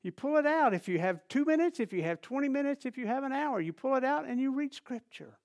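A man preaching a sermon, animated and repetitive, building emphasis and dropping to soft asides. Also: very high-pitched, a little fast. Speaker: pastor.

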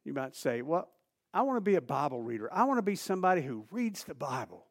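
A man preaching a sermon, animated and repetitive, building emphasis and dropping to soft asides. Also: a little high, fast. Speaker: pastor.

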